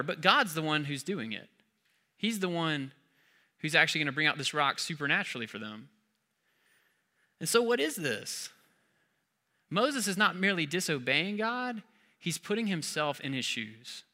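A pastor preaching in a very bright, sharp voice that sits a little high for a man. He delivers his sermon with emphasis, asking the listeners question after question. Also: big pitch swings, normal speed.

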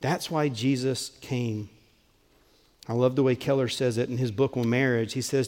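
A male pastor delivers a sermon in a mid-range voice, earnest and emphatic. He often eases into a soft, tender delivery. His voice rings with the long reverb of a large church sanctuary. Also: mid-range voice, steady tone, normal speed.

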